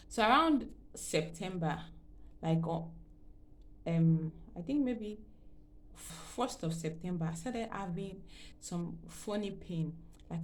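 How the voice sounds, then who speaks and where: Woman vlogger, lowish voice, emotional rambling storytelling, faint room hiss. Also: a little mellow. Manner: emotional, rambling with fillers and repeats. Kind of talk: personal storytelling.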